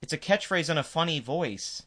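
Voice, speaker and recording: A man's voice: on the high side, lively intonation, normal speed, bright, forceful tone. A man hosting his own commentary video, ranting emphatically and dismissively with frequent restarts. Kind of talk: opinionated commentary rant.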